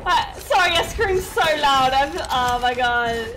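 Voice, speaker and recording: A woman's voice: high-pitched, measured pace, few pauses, loud music behind the voice. A woman commenting while playing a horror game, jumpy and swearing, often screaming at the scares. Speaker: gaming YouTuber. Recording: steady background noise.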